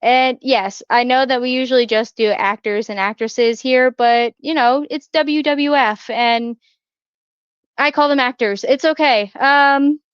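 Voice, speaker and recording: A woman's voice: high-pitched, measured pace, clear, resonant tone, no echo, lo-fi sound. A woman co-hosting a pop culture podcast, chatting casually with lots of fillers, restarts and small laughs. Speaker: podcast co-host. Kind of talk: casual chat.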